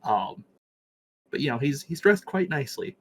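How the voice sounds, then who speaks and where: A man's voice: a little high, lively intonation, normal speed, slight background noise. Casual man running a tabletop game. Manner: casual, full of fillers and swearing. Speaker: game master.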